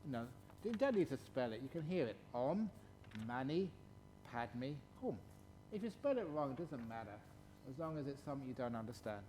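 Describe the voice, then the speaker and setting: A man, a Buddhist monk, giving a playful dharma talk and answering questions at a retreat, chuckling and stretching words slowly for emphasis. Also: medium pitch, big pitch swings, a little mellow, a little hiss or hum.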